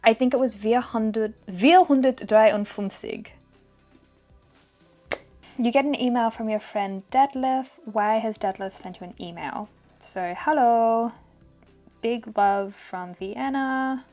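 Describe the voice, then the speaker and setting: A young woman vlogging as she takes a language test, thinking aloud and sounding out foreign words slowly. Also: a little high, warm tone, soft background music. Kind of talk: casual vlog commentary.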